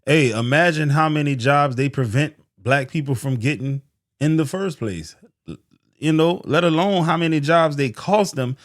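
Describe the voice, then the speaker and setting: A man hosting a reaction video, giving casual, slangy, animated commentary over a clip he is playing. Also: a little high, moderate pace, dry recording, clean studio sound.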